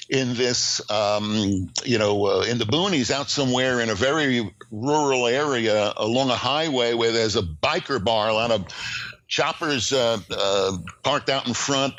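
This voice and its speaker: An older man, a screenwriting teacher and podcast guest, telling stories in a lively way with plenty of fillers and restarts. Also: mid-range voice, dry recording, poor audio. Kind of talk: casual interview, storytelling.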